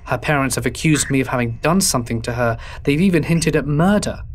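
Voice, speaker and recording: A man reading a horror story aloud in a measured, somber way. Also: medium pitch, animated. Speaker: horror narrator. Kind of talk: scripted horror narration.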